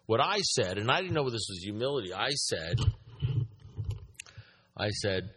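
A man's voice: on the low side, expressive, normal speed, pauses often, a bit bright, slightly rough. A man speaking to a recovery group, telling a story with emphasis, repeating his points and asking the room questions. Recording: echoey hall.

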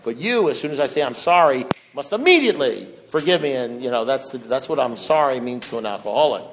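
A middle-aged man giving a twelve-step recovery testimony, talking in a loose conversational way with lots of fillers, dropping low and hushed, then rising to loud, raised outbursts. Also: expressive, brisk. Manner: conversational, fillers like "you know" and "deal", mimics voices. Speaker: recovering alcoholic sharing at a meeting.

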